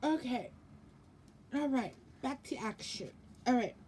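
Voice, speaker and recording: Slow, sleepy woman rambling through an unboxing. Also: high-pitched, animated, a little mellow, slight background noise. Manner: rambling, many ums and self-corrections. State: sleepy, yawning. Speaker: vlogger. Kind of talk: casual unboxing chat.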